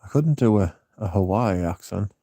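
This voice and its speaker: A man's voice: fairly low pitch, expressive, moderate pace, mellow, no echo, clean studio sound. A man hosting a casual livestream, rambling, swearing freely and reading out chat, with a slightly sore throat. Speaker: livestream host.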